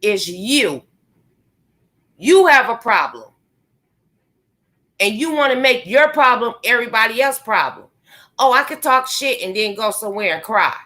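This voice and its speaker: A woman with a fairly high, expressive, bright and forceful voice rants at an unhurried pace, pausing often. As a vlogger sitting indoors at a computer, she speaks angrily, profanely and confrontationally straight into her mic.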